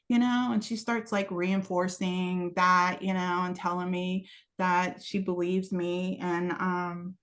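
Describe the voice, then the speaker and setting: A woman sharing a personal story as a podcast guest. She is animated and acts out each bit of dialogue, with frequent laughter. Her speech is full of casual "you know" and "like" asides. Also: fairly low pitch, a little slow. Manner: frequent laughter while telling.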